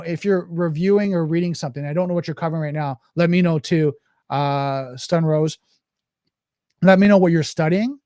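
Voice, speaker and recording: A man's voice: fairly high pitch, darkish tone, no echo, studio quality. A man hosting a podcast, rambling casually and answering viewer questions. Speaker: podcast host. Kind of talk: casual livestream podcast talk. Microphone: podcast mic.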